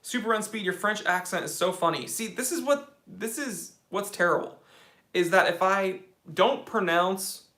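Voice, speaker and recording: A man's voice: high voice, lively intonation, normal speed, bright, forceful tone. An American man hosting a livestream, casually reading out viewer comments and chatting with enthusiasm. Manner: casual, enthusiastic, says dude a lot. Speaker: watch channel host.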